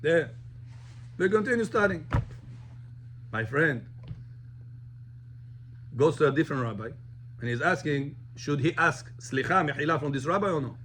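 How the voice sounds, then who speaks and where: A man, a rabbi telling a story to his class in an animated way, mixing in words. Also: a little high, normal speed, long pauses, slight background noise. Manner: animated, switches between English and Russian.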